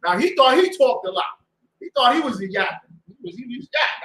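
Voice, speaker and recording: Loud, mocking man preaching in an echoey room. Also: extremely high pitch, expressive, a little fast, a little hiss or hum. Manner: loud, mocking, repetitive, with shouted bursts. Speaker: street preacher and show host. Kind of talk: fiery preaching talk. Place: indoor room with a door to the street.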